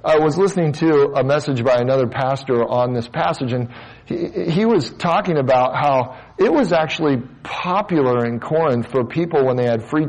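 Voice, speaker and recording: A middle-aged man preaching a relaxed, conversational sermon, a pastor who talks to his congregation like friends. He drifts into humorous asides and stumbles over restarts. His voice sits at an ordinary pitch for a man. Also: poor audio. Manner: conversational, self-deprecating asides, frequent restarts.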